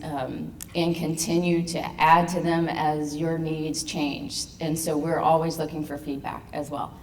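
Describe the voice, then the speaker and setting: Casting: woman with a very low voice, earnest welcoming speaker, distant mic with faint noise. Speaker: patient advocacy representative. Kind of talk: speech at an education event. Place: event venue. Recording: echoey room from a distant mic.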